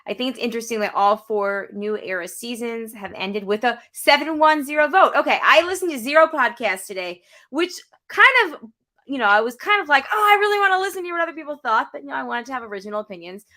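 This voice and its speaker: A woman co-hosting a podcast, chatty and giggly, running the segment with quick asides. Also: a little high, lively intonation, bright, forceful tone. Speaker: podcast co-host. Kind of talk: casual chat.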